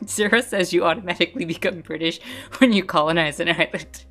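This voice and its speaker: A woman's voice: fairly low pitch, moderate pace, a bit bright, faint music behind. A woman streaming a game, commenting casually, giggling and tripping over her words.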